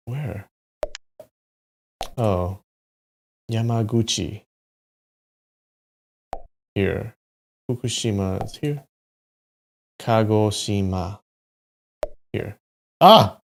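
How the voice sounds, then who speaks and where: A man on a casual live stream, quietly muttering names as he works through a map quiz. His voice is gravelly and his pace unhurried. Now and then he bursts out in frustration or swears. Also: lowish voice, steady tone, a little hiss or hum. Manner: muttering place names to himself, with sudden frustrated outbursts and swearing.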